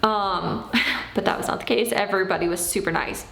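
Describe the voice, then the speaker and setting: A woman in her thirties tells a personal story in a casual, animated way. She acts out what she said back then. Her voice sits at a middle pitch, and the room around her is very echoey. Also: fairly quick, vocal fry. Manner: animated, acts out her own past lines. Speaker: vlogger.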